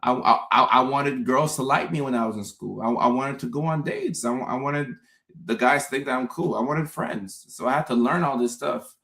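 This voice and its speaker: A man hosting a casual live stream, talking straight to his viewers in an animated way, often repeating words and acting out his own confused thoughts. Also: medium pitch, moderate pace. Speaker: host. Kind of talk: casual livestream talk to viewers.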